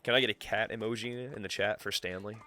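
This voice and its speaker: A man's voice: fairly low pitch, fairly even intonation, fast talker, sharp tone, slight background noise. A man streaming a game live, swearing freely and chatting with his viewers and his cat. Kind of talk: live gameplay commentary.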